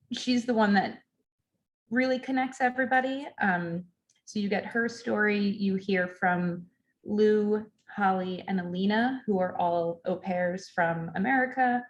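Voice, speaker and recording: A woman on the library staff chats about a book in a relaxed, conversational way. She talks at an everyday pitch, filling her sentences with ums and likes. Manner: chatty, many ums and fillers. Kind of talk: casual book talk. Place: library event, recorded online.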